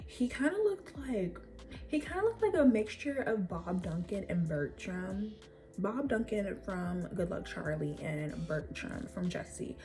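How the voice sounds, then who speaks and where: A young woman vlogger telling a story casually, animated and rambling with lots of fillers and swearing. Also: mid-range voice, unhurried, soft background music.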